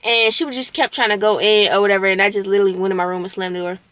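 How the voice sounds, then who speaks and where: A woman's voice: medium pitch, fairly even intonation, rapid-fire, fairly bright tone, dry recording. A young woman vlogger recounting a roommate conflict in a casual storytime, candid and indignant, with slang and swearing.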